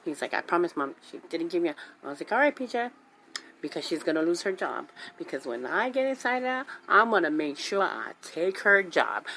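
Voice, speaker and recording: Her voice sits low with some vocal fry as this radio talk-show host tells a personal story at a moderate pace. Casual and animated, she acts out quotes and often repeats herself to drive things home.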